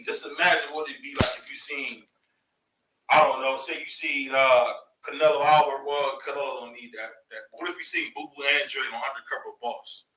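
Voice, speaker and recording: Excitable man ranting in an echoey room. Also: on the high side, distant mic. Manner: excitable, rants with rhetorical questions. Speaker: boxing commentary host. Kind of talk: casual opinion commentary.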